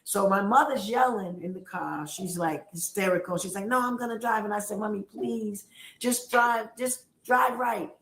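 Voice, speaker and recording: A woman tells a family story in an emphatic, animated way and acts out the other people's voices as she goes. Her pitch sits in the middle. The recording has a roomy echo. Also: normal speed. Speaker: guest on a livestream.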